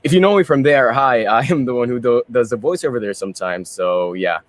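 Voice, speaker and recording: Talking a little fast in a mid-range voice, the young pageant candidate rambles chattily through his interview answers. Tagalog phrases are sprinkled throughout.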